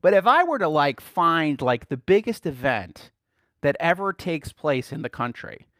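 A man's voice: a little high, sing-song, a little slow, fairly bright tone, no room sound, clean studio sound. A male preacher teaching a sermon to a small group, asking rhetorical questions and chuckling often as he talks.

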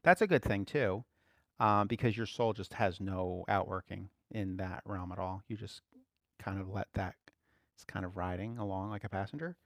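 A man giving conversational Bible teaching as a preacher, relaxed, laughing lightly and repeating key phrases. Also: low-pitched, normal speed, no room sound, studio quality.

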